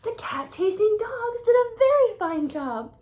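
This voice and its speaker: Animated woman reading a picture book aloud. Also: very high-pitched, measured pace, a little hiss or hum. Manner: animated, with whispered asides to children. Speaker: reader.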